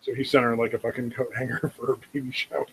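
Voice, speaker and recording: A man's voice: medium pitch, level tone, quick pace, rough recording. Guy cohosting a crude podcast, rambles and swears, crowd noise behind him. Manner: rambling, filler-heavy, swears a lot. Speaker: podcast co-host. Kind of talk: casual crude banter.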